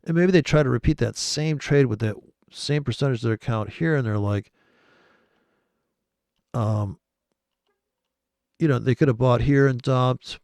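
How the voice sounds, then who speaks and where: A man's voice: medium pitch, gravelly, darkish tone, no room sound, studio quality. A man rambling sarcastically and profanely in casual chat about trading over charts. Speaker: trading commentator.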